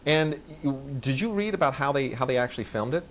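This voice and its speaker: A man's voice: mid-range voice, expressive, fairly quick, a little hiss or hum. A man hosting a podcast, chatting casually and enthusiastically about films, often restarting his sentences. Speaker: podcast host reviewing films. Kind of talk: casual film review chat.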